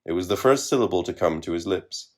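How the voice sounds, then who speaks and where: Man with a low deep voice, reading a story, measured and wry. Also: expressive, darkish tone. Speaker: narrator. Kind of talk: scripted narration of literary fiction.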